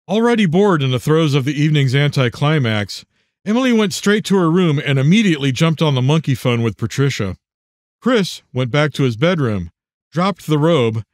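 A man narrates an audiobook with an expressive, dramatic delivery. His voice sits a little high for a man and moves a lot in pitch. The sound is dry and close-miked. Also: no room sound. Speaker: author and narrator.

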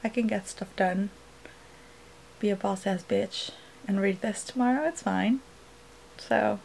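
A woman's voice: mid-range voice, unhurried, gravelly, long pauses, a little mellow, a little hiss or hum. A young woman talking casually at home as a book vlogger, rambling with lots of "like" fillers. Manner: rambling, filler-heavy "like" talk. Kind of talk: casual vlog chat.

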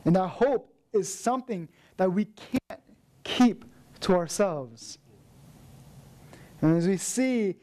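Young male minister, high voice, storytelling sermon with animated quotes. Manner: storytelling with lively acted quotes. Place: church.

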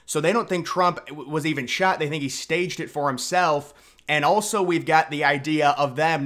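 Young male commentator, higher-pitched and sharp-toned, sarcastic and emphatic, with lots of restarts. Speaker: political commentator. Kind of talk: opinionated political commentary.

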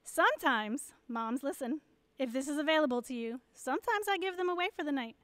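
Woman, church message to moms: high, clear voice, dry close sound, candid and encouraging. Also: lively intonation, fairly quick, a bit bright, no room sound. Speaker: pastor's wife.

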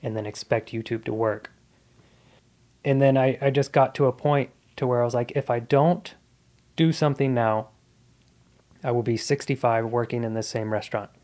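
A man's voice: medium pitch, normal speed, long pauses, darkish tone. A man in his thirties, a comedian guest on a podcast, telling his life story in a casual, earnest and reflective way.

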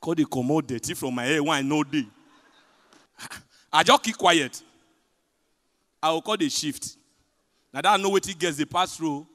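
A man with a Nigerian accent performing a stand-up comedy set in pidgin, telling stories with big swings between loud punchlines and hushed asides. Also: on the high side, moderate pace, long pauses. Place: large hotel event hall. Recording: live hall reverb.

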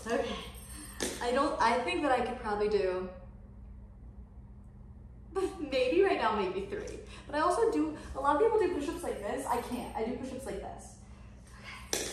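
A woman's voice: sits high, very animated, moderate pace, pauses often, background noise. A young woman rambling to the camera in a casual home vlog, chatty and full of fillers. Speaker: lifestyle vlogger. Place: at home, indoors.

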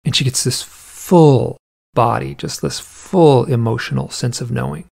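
Gravelly-voiced man telling a story. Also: medium pitch, measured pace, darkish tone. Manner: rambling, with lots of "like" asides; acts out the quoted voices in the story. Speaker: interview guest. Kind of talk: casual storytelling.

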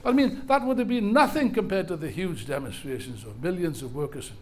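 A man's voice: fairly high pitch, lively intonation, brisk. An older man giving an impassioned speech at a political rally, emphatic and hammering key phrases through repetition. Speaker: rally speaker.

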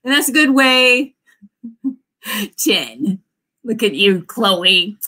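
A woman's voice: a little high, animated, drawn-out words, bright, forceful tone. A woman in her forties, an author hosting a writing sprint livestream in a casual, bubbly way, often cheering her viewers on with whoops. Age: 40s.

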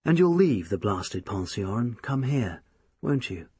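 A man's voice: fairly low pitch, very animated, measured pace, mellow, breathy edge, dry recording, clean studio sound. A man narrating a novel in the first person, offhand and casual in manner. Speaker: audiobook narrator.

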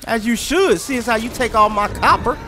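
A man giving funny gameplay commentary, excitable and slangy, reacting to the game with jumpy exclamations. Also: very high-pitched, brisk, over music. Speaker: gaming commentator. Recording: game gunfire noise behind the voice.

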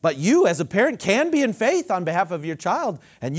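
A male pastor preaching a sermon, leading the congregation in call-and-response and swinging from loud emphatic declarations to quiet low asides. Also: very animated, fairly quick, breathy edge.

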